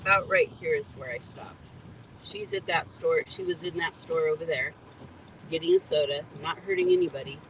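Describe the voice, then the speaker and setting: A woman's voice: deep voice, big pitch swings, moderate pace. A middle-aged woman talks from inside a parked car on a rainy night, a faint hum of traffic behind her. She is an EMT and a grieving mother, and she speaks earnestly and in close detail, pointing out places along the road. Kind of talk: emotional first-person account at a roadside.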